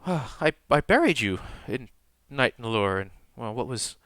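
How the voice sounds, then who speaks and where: A man puts on a grieving priestess whose soft, stammering words keep falling apart. The voice stays bright and forward. The room is dry and close. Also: mid-range voice, very animated, no echo. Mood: tearful, halting. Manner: halting, stammering, soft-spoken. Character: grieving woman priestess, tearful and shaken.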